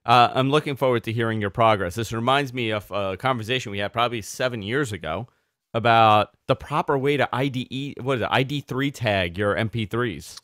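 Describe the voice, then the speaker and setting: A man hosting a podcast, chatting casually and chiming in with quick agreement. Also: medium pitch, no room sound, clean studio sound. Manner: animated, quick agreeing interjections. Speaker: podcast host. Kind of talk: casual chat.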